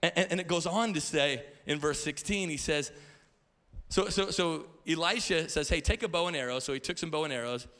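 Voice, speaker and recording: Standing in a church auditorium, a pastor in his thirties delivers a sermon at normal speed in a slightly high voice. His storytelling is animated, sprinkled with playful asides and stammered repeats.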